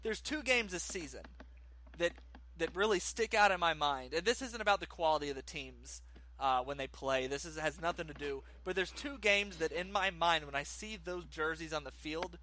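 Guy on a sports podcast, kinda high bright voice, fired-up hot takes. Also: moderate pace. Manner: animated, ranting opinions. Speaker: podcast co-host. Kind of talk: casual sports chat.

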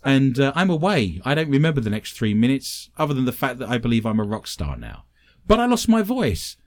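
Speaking at a medium pitch and a fairly quick pace, this British man is a paranormal investigator and medium appearing as a talk show guest. He tells animated, self-mocking anecdotes in a casual storytelling style.

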